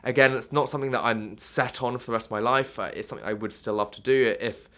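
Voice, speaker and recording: A man's voice: mid-range voice, fairly even intonation, fast talker, sharp tone. A young man talking candidly to camera in a casual vlog, rambling with many restarts and fillers. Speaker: vlogger.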